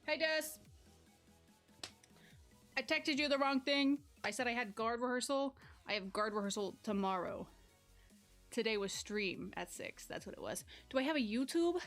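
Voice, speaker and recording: A young woman live-streams from home on a corded mic, chatting casually with her viewers, reading chat aloud and bursting into yelps as she juggles and works up a sweat. Her fairly high, fairly bright voice has lively intonation and a moderate pace with frequent pauses. Faint music plays behind her.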